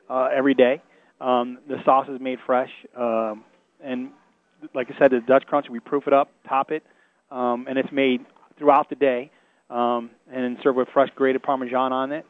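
A man's voice: medium pitch, flat delivery, normal speed, no room sound. A man who manages a restaurant, answering a radio host's questions and hesitating often with fillers. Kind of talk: radio interview guest. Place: inside a restaurant. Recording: narrow phone-like radio broadcast.

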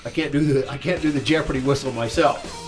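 A man's voice: mid-range voice, fairly even intonation, fast talker, loud music behind the voice. A man from Indiana hosting a radio wine show, chatting casually and joking with his co-host and listeners.

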